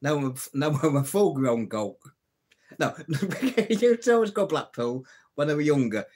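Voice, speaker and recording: Male host, casual joke-telling livestream, a touch high-pitched. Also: very animated, moderate pace, a little mellow. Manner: chatty, laughs at own jokes, reads out comments. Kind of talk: casual live-stream chat telling jokes.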